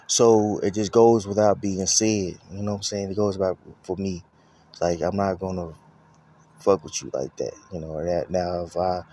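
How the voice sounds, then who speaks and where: Low-voiced man rambling through a profane testimony. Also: darkish tone, slight background noise. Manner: rambling, profane, full of "you know what I'm saying". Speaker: storyteller giving a personal testimony. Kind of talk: casual personal testimony.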